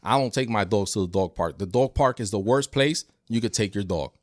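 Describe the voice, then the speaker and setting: A man working as a dog trainer, chatting on a podcast and telling lively stories that act out dogs and people. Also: on the low side, brisk, dry recording, studio quality. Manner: animated storyteller, acts out dogs and people. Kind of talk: casual podcast chat.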